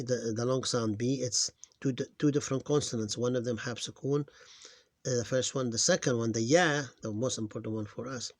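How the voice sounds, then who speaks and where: A man teaching reading, slowly sounding out syllables one at a time, recorded on a close mic. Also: mid-range voice, dry recording. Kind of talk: screen-recorded phonics lesson.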